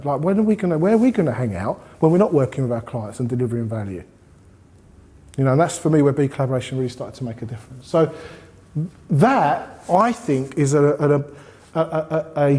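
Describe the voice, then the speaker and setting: A man's voice: fairly high pitch, dark tone. A man speaking at a group meeting, giving a conversational motivational talk and asking the audience questions. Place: meeting room.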